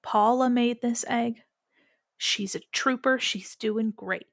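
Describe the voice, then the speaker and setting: A man's voice: very high-pitched, fairly even intonation, slow pace, gravelly, a bit bright, no echo, clean studio sound, exaggerated voice. A woman voicing a tiny, joyful rabbit-folk boy who farms eggs and chatters eagerly, acting older than he is. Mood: proud chatter. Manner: eager, chattering, acts grown up. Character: tiny joyful male rabbit-folk egg farmer, childlike. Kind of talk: tabletop game character voice.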